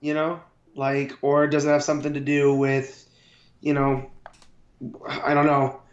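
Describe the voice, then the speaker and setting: A man co-hosting a casual comic book review podcast, giving his opinions in a relaxed, agreeable way. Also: on the high side, a little slow. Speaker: podcast co-host. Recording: roomy, dull lo-fi sound.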